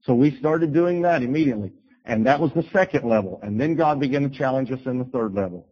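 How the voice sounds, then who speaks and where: Man preacher, husky, storytelling sermon, muffled lo-fi sound. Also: mid-range voice, fast talker. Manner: storytelling, animated bursts when quoting himself. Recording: dull lo-fi recording.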